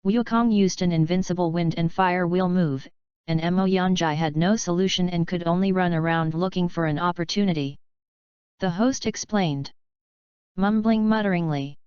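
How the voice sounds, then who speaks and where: A woman narrating a fanfiction audiobook in a steady, even storytelling read. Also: lowish voice, moderate pace, clean tone, dry recording. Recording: slightly dull, lo-fi dry sound.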